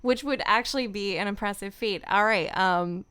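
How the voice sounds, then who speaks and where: A woman voice actor chatting casually on a livestream from home, self-deprecating, laughing often and filling pauses with ums. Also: mid-range voice, a bit bright, clear, resonant tone. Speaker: voice actor streamer.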